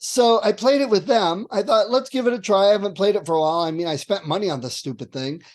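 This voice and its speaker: High-voiced man telling stories animatedly. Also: fast. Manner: animated storyteller, acts out lines with laughs. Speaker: podcast co-host. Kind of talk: casual chat.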